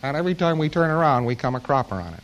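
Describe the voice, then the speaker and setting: A man's voice: fairly high pitch, big pitch swings, racing, dull audio. An American man giving an informal lecture to an audience, with a wry, joking, rambling delivery.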